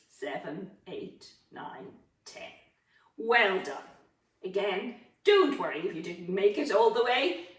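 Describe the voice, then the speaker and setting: A woman drama teacher leading a guided breathing lesson, counting slowly and encouraging. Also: medium pitch, distant mic. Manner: slow, encouraging counting instructions. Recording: echoey room, voice from off-mic.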